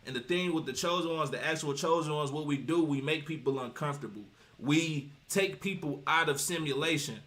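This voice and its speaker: A man's voice: a little high, brisk, hardly any pauses, a bit bright. A man giving casual livestream commentary with a preachy, emphatic, rambling delivery that keeps citing scripture. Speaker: streamer commenting on reaction videos.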